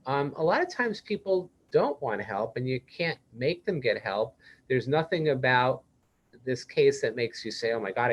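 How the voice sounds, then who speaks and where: A man of ordinary pitch talks through a case study in an easy, conversational manner, speaking as a psychiatrist leading a webinar. He often slips into the voice of a caring manager to show what to say. The sound is that of a video call. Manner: conversational, role-plays supportive manager lines. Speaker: presenter, psychiatrist. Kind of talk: interactive webinar presentation.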